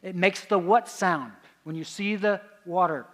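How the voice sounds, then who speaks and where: A man's voice: high voice, measured pace, fairly bright tone. A man giving a conference lecture, quizzing the audience with questions and answering them himself. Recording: long hall reverb.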